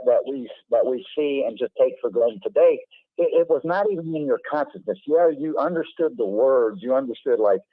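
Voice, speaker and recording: A man's voice: medium pitch, no room sound. Male host, rambling chatty delivery, tinny phone-quality audio, dry. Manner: rambling, repeats words, animated asides. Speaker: livestream host. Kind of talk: casual call-in chat.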